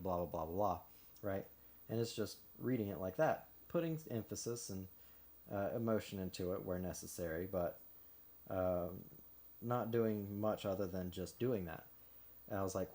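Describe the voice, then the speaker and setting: Man, casual streamer chat, slightly low voice, loose and rambling with frequent fillers and self-corrections. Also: fairly quick, warm tone. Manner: rambling, with many fillers and restarts; chuckles between thoughts. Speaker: streamer building model kits. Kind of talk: casual chat while building.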